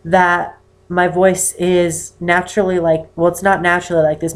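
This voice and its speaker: An eighteen-year-old man with a naturally high voice, chatting to camera in a rambling, self-conscious way. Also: completely flat delivery, a little slow. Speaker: vlogger answering a viewer question. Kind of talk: casual chat to camera.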